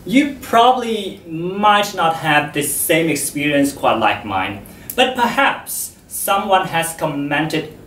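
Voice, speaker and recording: A man giving a public talk to an audience about voice, speaking in a slow, measured, expressive way. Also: medium pitch. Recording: echoey hall, distant mic.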